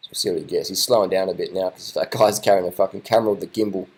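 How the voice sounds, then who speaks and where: Brief: lower-voiced guy, loose off-the-cuff video commentary, excitable and repetitive, casual swearing. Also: rapid-fire, breathy edge, low-quality recording. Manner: excitable, rambling, swears casually, repeats himself. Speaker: vlogger commenting on race footage.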